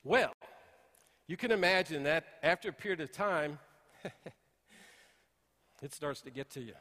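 A middle-aged pastor preaching in a church, his voice sitting a little high for a man. He tells folksy stories, dropping to a hush and then rising to emphatic points. A long reverb trails off each phrase in the big hall. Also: lively intonation, takes it slowly. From Texas. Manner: folksy storytelling, swings between hushed and emphatic. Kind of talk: sermon. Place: church sanctuary.

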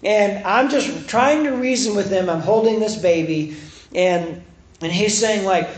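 A man's voice: high-pitched, a little slow, echoey room, low-quality recording. A young man preaching a sermon as a campus minister, telling a story and acting out the quotes with a raised voice.

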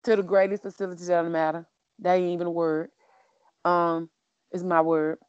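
Middle-aged woman chatting, emotional and animated, kinda dull dry sound. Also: fairly low pitch, moderate pace, clean tone, no room sound. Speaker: co-host. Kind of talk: casual chat.

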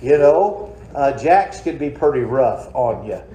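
A pastor preaches a midweek sermon in a church sanctuary, folksy and conversational, peppering the congregation with rhetorical questions. His mid-range voice is mellow and expressive, and he takes his time. The recording carries a roomy church echo.

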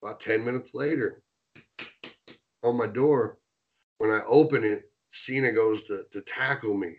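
Low-voiced man telling a rowdy story. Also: moderate pace, narrow, tinny audio. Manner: animated, swears, acts out quotes. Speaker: interview guest, former wrestler. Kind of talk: casual storytelling.

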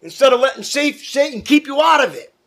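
A man's voice: extremely high pitch, expressive, brisk, fairly bright tone. A man preaching a fervent sermon as pastor, calling out to his congregation. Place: church.

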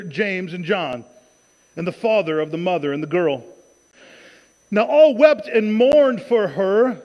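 A man preaching a sermon in a conversational, animated way, acting out quoted dialogue. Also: high-pitched, big-room sound, rough recording.

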